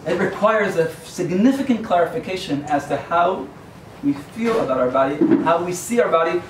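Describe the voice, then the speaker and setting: A man's voice: high voice, expressive, normal speed. A rabbi giving a sermon in a yeshiva hall, his slightly raised voice wandering through asides and jokes. He stands at a distance from the mic, so the voice rings in the room over a faint hum. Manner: digressive, joking storyteller.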